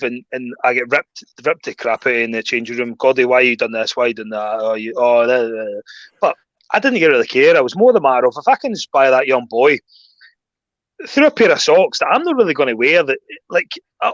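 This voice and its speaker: A Scottish man chatting on a podcast as a guest, telling animated stories and acting out quotes. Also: on the high side, dry recording, highs cut off. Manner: animated storyteller, acts out quotes. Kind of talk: casual podcast chat.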